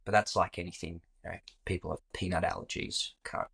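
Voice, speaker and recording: A man with an Australian accent, a podcast guest speaking in a relaxed, rambling way with many fillers. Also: deep voice, a little fast, vocal fry, slightly rough. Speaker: podcast guest, jiu-jitsu instructor. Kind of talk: casual interview chat.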